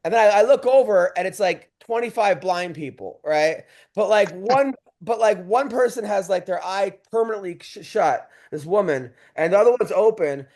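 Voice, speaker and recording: A male comedian on a podcast telling stories excitedly, laughing as he goes. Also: high-pitched, moderate pace, hardly any pauses. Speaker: stand-up comedian, podcast co-host. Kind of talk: casual podcast chat.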